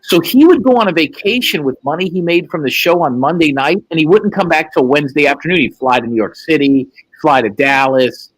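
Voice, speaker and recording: A man's voice: on the high side, fairly quick, few pauses. A man hosting a show, telling a profane story casually and acting out the quotes. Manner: profane, animated, acts out quotes. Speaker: host.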